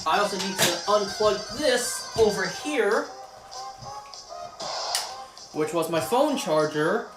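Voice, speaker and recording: A man with a Canadian accent chats casually while gaming, his voice sitting high, expressive and unhurried. He streams as he plays, rambling and repeating himself, with game music in the background.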